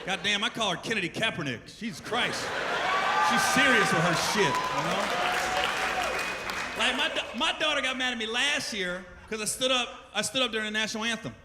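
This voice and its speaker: A man in his forties doing a profane stand-up comedy set, telling animated stories in put-on voices. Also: high-pitched, fairly quick, very noisy. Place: large theater stage before a laughing audience. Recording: live concert recording with loud crowd and long reverb.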